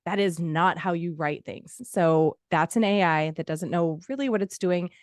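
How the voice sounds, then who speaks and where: A woman's voice: fairly low pitch, moderate pace, dry recording. Blunt foul-mouthed woman on a podcast, dry close sound. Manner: blunt, profane, acts out heated exchanges. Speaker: podcast guest. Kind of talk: casual podcast chat.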